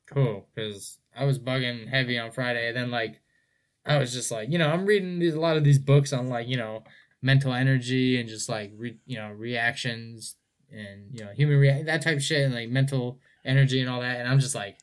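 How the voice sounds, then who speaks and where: A man's voice: mid-range voice, fairly even intonation, brisk, smooth. A young man in casual podcast chat, laid-back and rambling, full of filler phrases.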